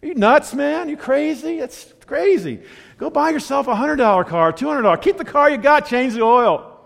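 A man acting out a gruff, blunt father scolding his son, in a sermon. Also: very high voice, lively intonation, moderate pace, voice pushed up, exaggerated voice. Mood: exasperated. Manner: exasperated, blunt. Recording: long hall reverb.

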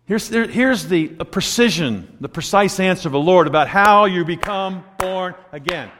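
A man preaching a sermon, telling stories with lively acted-out quotes and asides. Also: high voice, moderate pace, hardly any pauses, big-room sound. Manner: animated storytelling, acting out quoted voices.

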